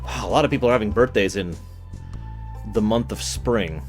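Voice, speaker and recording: A man's voice: fairly low pitch, normal speed, faint music behind. A man streaming a game, giving casual commentary with dry, wry asides. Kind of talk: casual let's-play commentary.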